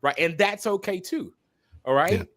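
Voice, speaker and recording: A man speaking as a podcast guest and minister, talking candidly and passionately, repeating phrases for emphasis like a preacher and pausing to apologize for talking so long. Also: high-pitched, lively intonation, fairly bright tone. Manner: apologetic asides to listeners. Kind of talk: candid conversational testimony.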